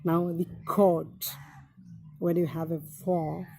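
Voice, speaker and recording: Woman English teacher, low gravelly voice, mellow tone, measured tips-style delivery. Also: steady tone. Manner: deliberate, repeats key phrases, many "now" openers. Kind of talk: instructional talk giving study tips.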